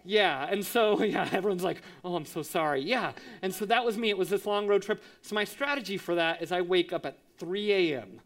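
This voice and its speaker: A man in his thirties, a pastor, telling a lively personal story in a sermon, acting out voices and sound effects. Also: high voice, a little fast, few pauses. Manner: animated, acts out quotes with sound effects.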